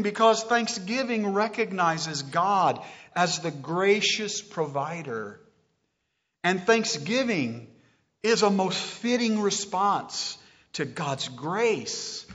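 A man preaching a sermon to a congregation, animated and often asking them questions. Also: on the high side, muffled recording. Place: church hall with live stream.

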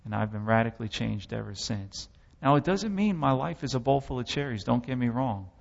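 Gravelly guy preaching his testimony, big dramatic swells, dull muffled audio. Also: medium pitch, expressive, fairly quick, long reverb tail. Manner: impassioned storytelling with dramatic swells. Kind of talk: sermon testimony.

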